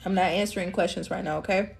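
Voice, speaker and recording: A woman's voice: fairly low pitch, fairly even intonation, fast, creaky, faint music behind. A woman giving a casual live-stream tarot reading, chatty and laughing often, calling listeners love and queen. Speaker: tarot reader.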